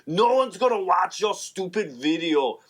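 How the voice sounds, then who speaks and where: A man's voice: high-pitched, expressive, measured pace. A man voicing a rude, insulting male video scaler gadget with a mock German accent, in a comedy sketch. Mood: brash mocking. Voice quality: brash insulting shouty.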